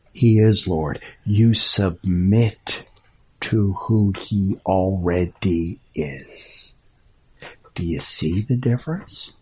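A man preaching with a low, deliberate voice that turns very breathy and airy. He talks slowly, leaning hard on key words and then sinking into near-whispers. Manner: emphatic, drops to hushed whispers on key words. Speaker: pastor. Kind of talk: preaching radio talk.

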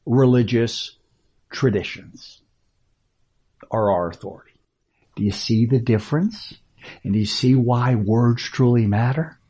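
A Bible teacher lecturing in a husky voice that swings up and down with lively, animated pitch. The delivery is slow and deliberate, hammering key phrases and pausing on rhetorical questions.

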